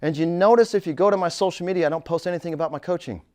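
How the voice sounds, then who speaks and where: Speaking very fast, a middle-aged real estate coach gives a casual motivational talk. He tells stories, swears, calls people "dude," and shifts from low, confiding tones to loud excitement.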